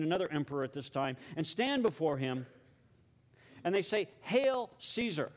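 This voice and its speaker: Brief: male pastor, sermon, dramatic storyteller, voice a touch high. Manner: dramatic storytelling, drops to a hushed tone for prayer.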